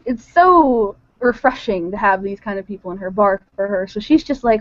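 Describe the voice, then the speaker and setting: A woman casually narrating her character in a role-play session, giggly and animated. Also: mid-range voice, moderate pace, hardly any pauses, dry recording. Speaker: tabletop role-play player. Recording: dull lo-fi dry recording.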